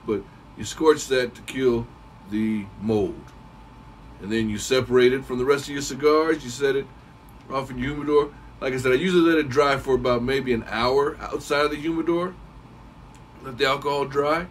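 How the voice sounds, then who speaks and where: A man giving a casual, rambling how-to talk as a cigar reviewer, clearing his throat now and then. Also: mid-range voice, normal speed, far from the mic, slight background noise, poor audio.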